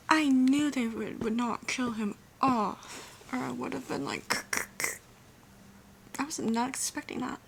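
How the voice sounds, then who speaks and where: A young woman vlogging her reactions to a fantasy series, excitable and often dropping to a whisper. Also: high-pitched, slow, gravelly, pauses often. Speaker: book vlogger. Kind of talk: casual reading reactions. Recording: faint background noise.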